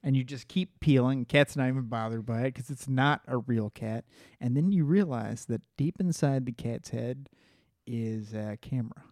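A man at mid pitch spinning a spooky story for his co-hosts in a relaxed, easygoing way. His voice sounds close and dry, with no room around it. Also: normal speed, no room sound. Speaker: podcast co-host. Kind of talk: casual chat.

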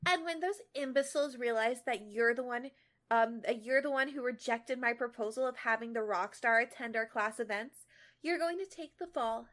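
A young woman reading aloud a fan story and voicing a scheming teenage girl, stretching her sneering lines out slowly. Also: fairly high pitch, fairly bright tone, lightly acted. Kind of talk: amateur fan-fiction read-aloud.

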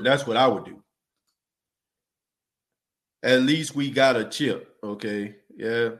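A man's voice: medium pitch, a bit bright. Easygoing man hosting a sports podcast. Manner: loose and conversational, restarts words, says "you know" and "man" often; reads out and answers listener comments. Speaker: podcast host. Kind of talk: casual sports talk podcast.

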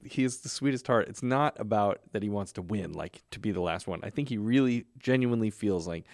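A man's voice: lowish voice, lively intonation, a little fast, darkish tone, dry recording, clean studio sound. A man co-hosting a casual podcast, telling stories in a chatty way and laughing often. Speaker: podcast co-host. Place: California.

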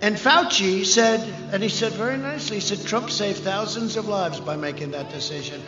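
A man delivers a rambling rally speech in a fairly high voice, with mocking asides and the odd shouted line. The sound is dull and lo-fi, with a long reverb over it. Music plays clearly behind him. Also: normal speed. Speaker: political candidate speaking at a rally. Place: large rally venue.

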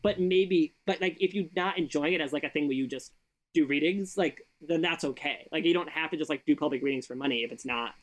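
A man's voice: a little high, fairly quick. A man co-hosting a podcast, talking loosely about reading tarot, full of "like" fillers and quoting himself. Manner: rambling, many "like" fillers, quotes himself. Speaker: podcast co-host and tarot reader. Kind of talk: casual chat.

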